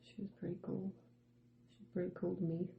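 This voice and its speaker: A woman's voice: lowish voice, little pitch movement, brisk, creaky, reverberant, phone-quality sound. A woman from Canada co-hosting a casual podcast, chatty and frank, swearing casually. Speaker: podcast co-host.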